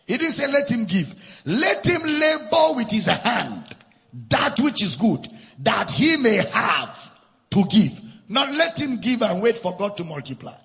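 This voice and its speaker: A man's voice: high-pitched, sing-song, unhurried, gravelly, fairly bright tone, in a large hall. A man preaching a sermon as a pastor, driving his points home with repetition and sing-song emphasis.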